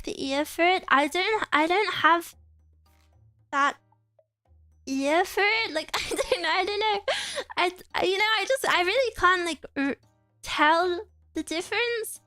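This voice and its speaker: A woman's voice: extremely high pitch, unhurried, pushed and bright, no echo, faint music behind. A woman chatting casually on a livestream, answering viewer comments in a playful, giggly way with cutesy exclamations. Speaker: streamer.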